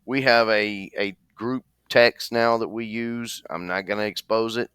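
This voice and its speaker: A man chats casually on a podcast, jokey and restless, often turning to address his listeners. His voice sits a bit low yet sounds bright and smooth. The recording is close and dry. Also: fairly even intonation, unhurried, no echo. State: restless, leg bouncing while seated. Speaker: podcast co-host. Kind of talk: casual chat.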